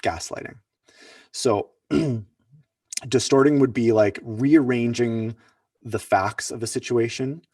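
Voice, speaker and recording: A man's voice: mid-range voice, fairly even intonation, unhurried, a little mellow, no echo, clean studio sound, recorded from a distance. A man presenting at an online workshop, talking loosely with many fillers and restarts. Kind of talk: casual online teaching talk.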